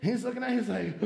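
Male pastor, 30s, high voice, chatty storytelling sermon, big echoey church room. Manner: conversational, storytelling with personal anecdotes. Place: church sanctuary. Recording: echoey church hall with long reverb.

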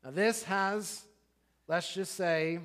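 Middle-aged male pastor, slightly high voice, animated conversational sermon storytelling. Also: takes it slowly.

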